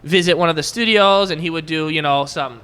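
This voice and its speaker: A man's voice: a little high, brisk, bright, forceful tone, smooth. A man from Hungary with a Hungarian accent, a fitness studio guest in a casual interview chat who laughs easily. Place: live show at a bar stage.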